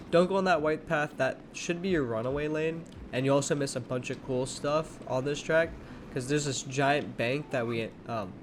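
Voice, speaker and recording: A man's voice: medium pitch, slight background noise. A young man hosting a gaming channel, giving casual, rambling commentary full of fillers and restarts while sounding a little sleepy. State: sleepy, yawning.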